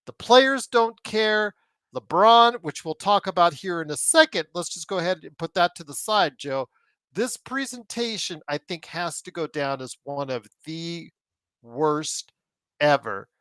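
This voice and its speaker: A man's voice: on the high side, a little slow, clear, resonant tone, dry recording. A man hosting a sports podcast in casual, rambling chat, joking as he plugs the show. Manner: rambling, animated, jokey plugs. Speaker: podcast host.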